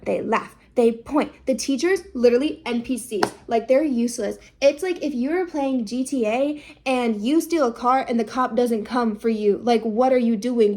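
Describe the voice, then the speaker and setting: A young woman recapping a drama in a casual, chatty way, peppering her talk with "like" and "okay" and jumping into voices for the people she quotes. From United States. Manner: animated, jumps into high-pitched voices for quoted people.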